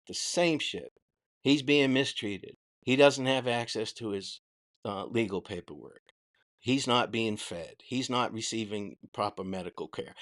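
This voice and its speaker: Blunt, profane man with a Boston accent. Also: mid-range voice. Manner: answers chat questions. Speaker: host. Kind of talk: casual live-stream commentary.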